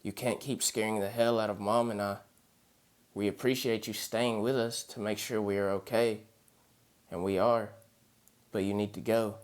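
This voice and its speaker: A grown daughter, tearful and gentle, pleading softly through her goodbyes, as a man reads her lines in his own low voice. She speaks in a storybook horror reading. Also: flat delivery, moderate pace, natural voice. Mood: tearful, tender.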